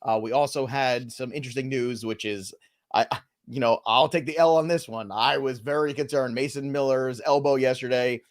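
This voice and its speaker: A man's voice: medium pitch, fairly even intonation. A man co-hosting a live fantasy baseball stream, chatting casually and joking between player updates. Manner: loose, joking banter with quick asides.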